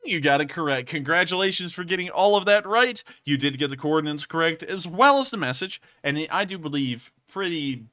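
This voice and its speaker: A man hosting a live news stream, answering viewer comments with energy and a pushed-up pitch. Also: fairly quick, few pauses. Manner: energetic, keeps his voice pushed high. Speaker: livestream host.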